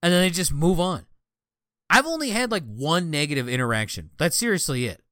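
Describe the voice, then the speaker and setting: Lively bright-voiced young man. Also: fairly high pitch, fairly quick, no echo, studio quality. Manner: animated, acts out other players' lines with laughing. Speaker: podcast co-host. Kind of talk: casual chat, storytelling.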